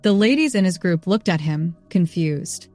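A woman narrating a story in an even, steady reading voice. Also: on the low side, moderate pace, faint music behind. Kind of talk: scripted narration.

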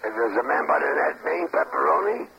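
A man answering a bar's phone, gruff and quick to explode into furious cursing and threats. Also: a little high, animated. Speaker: bartender taking phone calls. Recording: lo-fi hissy taped phone call.

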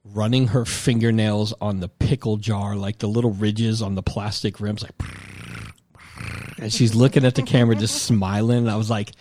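A man's voice: on the low side, steady tone, moderate pace, darkish tone. A man hosting a podcast, chatting casually and loosely, swearing now and then, close to the mic. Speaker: podcast host. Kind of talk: casual chat. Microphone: close mic, eating near it.

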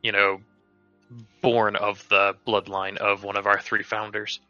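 A man's voice: fairly low pitch, completely flat delivery, measured pace, pushed and bright, smooth, dry recording. A man playing in a tabletop game who describes his character in a loose, joking, rambling way, in a lo-fi recording with faint music. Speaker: player. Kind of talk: casual tabletop chat.

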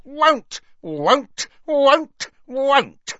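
A man voicing a spiteful old male house elf with a croaking voice, in a dry, slightly dull recording. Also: very high voice, big pitch swings, very slow, sharp tone, no echo, pitched above the performer's own voice, exaggerated voice. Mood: stubborn. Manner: stubborn, repetitive chanting.

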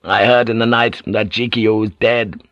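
Man doing a scheming gloating lord, low and eager, sly tone, dry close mic. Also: fairly even intonation, normal speed, fairly bright tone, no echo, lo-fi sound, close to an everyday voice. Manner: eager and insinuating.

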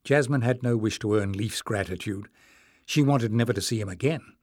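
Measured male audiobook narrator. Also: on the low side, no room sound, studio quality. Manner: measured, expressive storytelling. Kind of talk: scripted narration.

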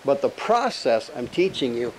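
A male pastor preaching an animated, emphatic sermon full of rhetorical questions and jokes. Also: medium pitch, moderate pace, a little hiss or hum, low-quality recording.

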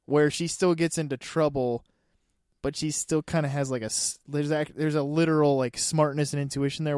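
A man with a slightly higher voice chats through a movie review on a podcast, laughing easily between his points. His sentences stop and restart as he thinks aloud. The sound is dry and close, with no room around it. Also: no echo. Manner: laughs often, animated, many restarts. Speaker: podcast co-host. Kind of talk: casual movie review chat.

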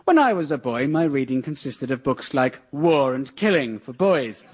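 A man's voice: medium pitch, big pitch swings, normal speed, husky. A man hosting a satirical radio comedy show, lecturing in a dry, mock-earnest manner.

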